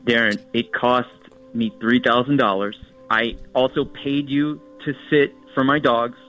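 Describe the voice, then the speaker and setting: A man's voice: mid-range voice, steady tone, a little slow, a bit bright, lo-fi sound, faint music behind. A man calling in to a radio show, firm and aggrieved, explaining himself in detail. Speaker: caller on the phone. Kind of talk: phone-in radio talk.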